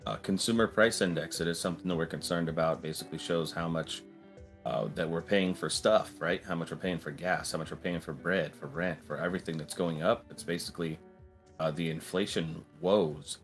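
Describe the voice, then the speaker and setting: Deep-voiced man hosting a trading stream. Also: fairly quick, soft background music. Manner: relaxed, joking, explains plainly. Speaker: livestream stock trading host. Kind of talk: casual livestream commentary.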